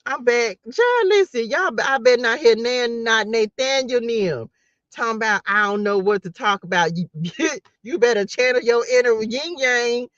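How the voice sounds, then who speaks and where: A woman's voice: a little high, moderate pace, fairly bright tone, no room sound, muffled recording. A woman tarot reader giving a casual motivational talk to her viewers, playful and slangy, laughing often.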